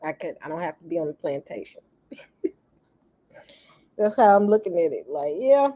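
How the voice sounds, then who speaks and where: Speaking at a moderate pace in a fairly low, warm, sing-song voice, a middle-aged woman hosts a laid-back livestream. She greets viewers repeatedly as they join and coughs from time to time. The audio is dull.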